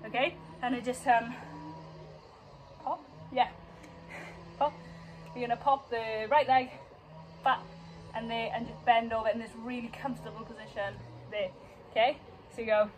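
Brief: young woman dance teacher, bright higher voice, counts and scats steps, breathless, faint hiss behind. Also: fairly even intonation, normal speed, long pauses, rough recording. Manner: counts beats and scats moves aloud. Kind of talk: dance class instruction. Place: dance studio.

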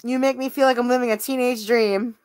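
A woman's voice: a little high, fairly even intonation, brisk, a little mellow, clear, resonant tone. A woman chatting casually on a livestream, reading out viewer comments, giggly and laughing often, thanking viewers. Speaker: livestream host.

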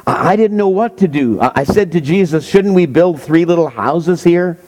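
A man voicing an adult male disciple who is shaken and awed, telling it haltingly. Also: fairly high pitch, a little mellow, pitched above the performer's own voice, natural voice. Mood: flustered.

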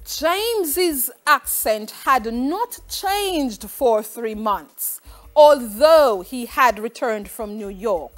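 A woman's voice: a little high, animated, extremely slow. A woman teacher putting on a foreign accent to read exam options aloud, drawn out and emphatic. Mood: playful.

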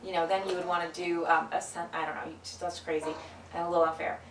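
Talking fast, a woman dog trainer works through a hands-on exercise with her dog in an indoor room. Calm explanation alternates with sharp, upbeat commands and high praise, her voice coming off-mic from a distance in an echoey space with a little hiss or hum.

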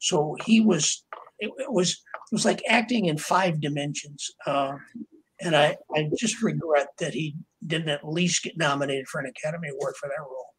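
A man's voice: on the high side, moderate pace, a little hiss or hum, low-quality recording. An older man, a writer being interviewed, telling long anecdotes with plenty of fillers and restarts. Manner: rambling, with many fillers and acted quotes of others. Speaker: author and interview guest. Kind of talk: anecdotal storytelling in a podcast interview.

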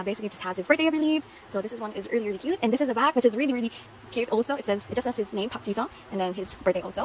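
A woman's voice: medium pitch, a little hiss or hum, rough recording. A woman showing off her concert haul in a casual vlog, gushing and repeating herself. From Philippines. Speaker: vlogger.

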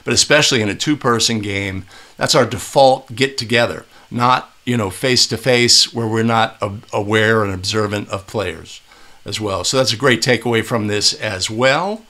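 A man's voice: fairly low pitch, normal speed, sharp tone. A middle-aged man breaking down game clips for referees, talking casually and often checking in with "right?". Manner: conversational, asks "right?" often. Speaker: basketball officiating instructor. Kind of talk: video breakdown commentary.

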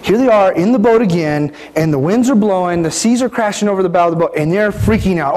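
A man's voice: high voice, fast, few pauses, a little mellow. A middle-aged male pastor preaching a sermon in a church, speaking conversationally and often asking the congregation questions. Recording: reverberant hall, faint background noise.

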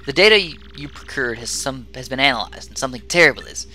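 Man voicing a loyal male game computer, formal and measured, bright tone. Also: medium pitch, expressive, faint music behind, pitched above the performer's own voice. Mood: solemn. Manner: stiff, formal, measured speech. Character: dutiful male base computer with a conscience.

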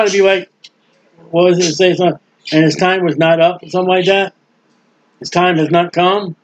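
High-voiced preacher, folksy and emphatic. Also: male voice. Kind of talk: sermon. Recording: dull lo-fi sound.

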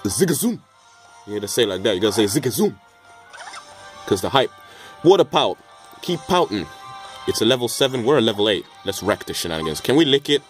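A man's voice: lowish voice, rapid-fire, hardly any pauses, soft background music. A man giving casual, joking commentary over a video game, rambling with mild swearing and stammered restarts. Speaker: let's play gamer.

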